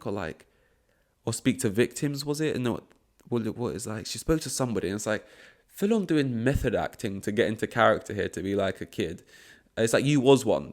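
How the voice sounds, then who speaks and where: A young man rambling through a casual solo podcast monologue, swearing often, with many fillers and restarts. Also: mid-range voice. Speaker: podcast host.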